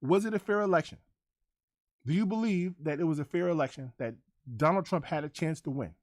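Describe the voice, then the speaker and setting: A man's voice: fairly high pitch, a little fast, darkish tone, no echo, studio quality. A man hosting a livestream, ranting to his chat in a combative, profane, repetitive way. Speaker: livestream host.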